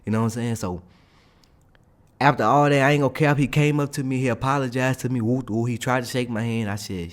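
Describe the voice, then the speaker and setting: A young man casually telling a story in an animated, slangy way, often checking in with his listeners. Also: mid-range voice, brisk. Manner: animated, slangy, keeps asking "you hear me?". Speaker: streamer.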